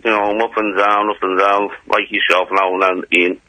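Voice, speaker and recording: Low-voiced English man, slurred, rambling caller, sharp tone, close and dry. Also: flat delivery, brisk, dry recording, low-quality recording. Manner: rambling, mumbly. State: slurred speech. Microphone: phone line.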